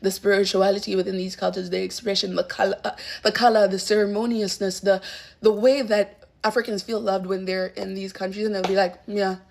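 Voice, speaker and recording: A woman's voice: medium pitch, little pitch movement, fairly quick, creaky, a little mellow. A woman musing in casual commentary, thoughtful and rambling with fillers.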